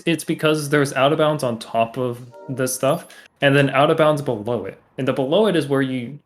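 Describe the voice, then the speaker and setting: A man explaining a speedrun route as he plays, in a halting, loose live-stream commentary style. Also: medium pitch, a little hiss or hum, rough recording. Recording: game music playing behind the voice.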